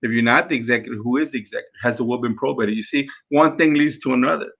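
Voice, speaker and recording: A man's voice: mid-range voice, fast, vocal fry, a bit bright, slightly rough. A man, a real estate investor, coaching his team in a live session, repeating points to drive them home. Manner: repeats words, drills points to his crew.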